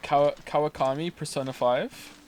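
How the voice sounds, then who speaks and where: A man's voice: fairly high pitch, fairly even intonation, moderate pace, a little mellow. A man streaming a video game while reading chat, rambling, swearing and reacting with incredulous outbursts.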